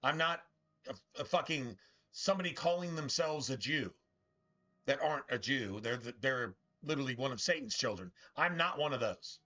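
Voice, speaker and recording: A man's voice: medium pitch, expressive, normal speed, sharp tone, highs cut off. A man streaming a game, ranting bitterly and with lots of swearing, stumbling over restarts as he talks. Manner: profane, bitter, rambling with many restarts. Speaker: gaming streamer. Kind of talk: casual ranting commentary over gameplay.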